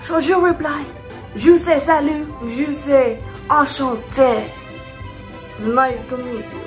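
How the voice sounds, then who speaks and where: A woman doing a snobbish French teacher who speaks with a put-on French accent that slides into British. She sounds blunt and mock-arrogant, with a voice a little high and an unhurried, lingering delivery. Faint music plays behind her. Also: fairly even intonation. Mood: haughty. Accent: put-on French accent slipping into British. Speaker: comedic host. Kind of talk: comedy sketch with makeup tutorial.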